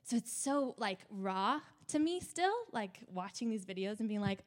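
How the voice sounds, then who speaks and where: A woman's voice: on the high side, normal speed, few pauses. A young woman hosting, openly and emotionally sharing a personal faith story in a casual way, with many fillers. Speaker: host.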